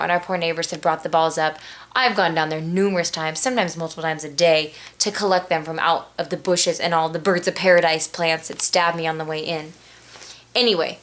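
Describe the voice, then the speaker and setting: Woman, mother, casual vlog storyteller; lower-pitched, animated, does a stern mom voice. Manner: animated, acts out quoted voices with big pitch jumps; drops into a low, slow stern mom voice. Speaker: mother telling a parenting story.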